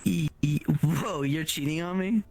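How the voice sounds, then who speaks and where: A man's voice: measured pace, gravelly. A man in a casual roleplay conversation who talks in a playful, teasing way. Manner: playful and teasing, with lively swings in pitch.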